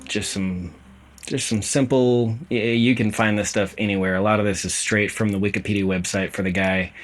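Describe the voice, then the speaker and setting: A man's voice: lowish voice, fairly even intonation, moderate pace. A tired man hosting his own video channel, talking casually in a rambling, self-deprecating way with plenty of fillers. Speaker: host.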